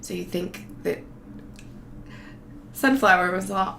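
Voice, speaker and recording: Woman, mid-pitched, casual sarcastic storyteller; profane, rambling delivery in a roomy space. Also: moderate pace, long pauses, fairly bright tone. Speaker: vlogger telling a travel story. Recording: roomy echo, faint background noise.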